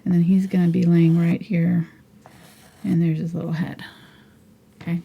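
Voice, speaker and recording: A woman's voice: lowish voice, flat delivery, normal speed, creaky, breathy edge, dull audio. A middle-aged woman teaching a live painting tutorial, chatting and thinking aloud as she works. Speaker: painting instructor.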